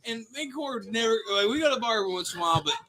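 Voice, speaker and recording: A man's voice: very high voice, lively intonation, racing, over a noisy crowd. A young man telling a rambling bar story in casual chat, a little defensive. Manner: rambling, defensive, laughs between lines. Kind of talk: casual storytelling at a watch party.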